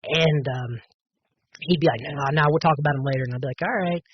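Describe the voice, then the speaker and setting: A man's voice: fairly high pitch, fairly even intonation, quick pace, highs cut off, a little hiss or hum. A man on a podcast telling a personal testimony, earnest and full of fillers and restarts. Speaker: podcast guest.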